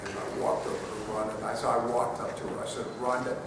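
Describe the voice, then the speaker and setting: A man's voice: fairly low pitch, level tone, rapid-fire. An older man, an actor at a fan Q&A panel, telling stories with frequent laughter. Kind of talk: casual anecdote to a live audience. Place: festival hall with a live audience. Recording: echoey hall, mic heard from a distance, loud background noise.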